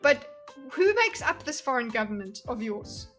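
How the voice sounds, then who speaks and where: A woman's voice: on the high side, very animated, moderate pace, a bit bright, soft background music. A woman streamer giving casual live commentary in a blunt, exasperated, sarcastic way.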